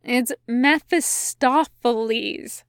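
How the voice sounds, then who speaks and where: A woman's voice: sits high, animated, dry recording, studio quality, pitched above the performer's own voice. A woman doing a wary, puzzled male demon. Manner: slow and hesitant.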